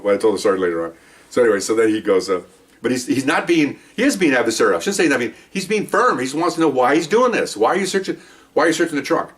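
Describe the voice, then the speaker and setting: Older man rambling through a story, distant mic. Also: on the low side. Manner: rambling, folksy, acts out quotes of others. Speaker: retired police training officer. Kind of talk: casual storytelling monologue.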